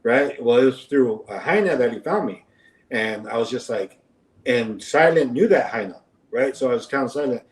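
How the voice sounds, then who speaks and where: A man's voice: mid-range voice, animated, normal speed, far from the mic. A man telling stories in a casual podcast chat, rambling with many fillers and acting out quoted lines. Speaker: podcast guest. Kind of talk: casual storytelling. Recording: roomy and off-mic.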